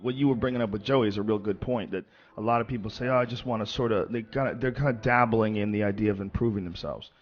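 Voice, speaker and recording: A man's voice: on the low side, fast talker, few pauses, soft background music. A man hosting a podcast, giving blunt, emphatic advice with casual swearing. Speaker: podcast host. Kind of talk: casual chat. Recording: slightly dull sound.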